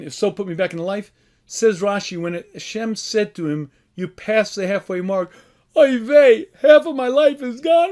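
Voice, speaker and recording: High-voiced rabbi giving a sermon. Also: male voice. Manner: storytelling, acts out quoted voices, frequent throat clearing. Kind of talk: inspirational sermon. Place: yeshiva event.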